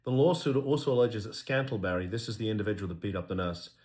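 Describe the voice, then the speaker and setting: A man's voice: on the low side, quick pace, a little mellow. A middle-aged man, a lawyer, talking casually to camera in an earnest way, with lots of ums and repeated words. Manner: earnest, repeats himself, many fillers.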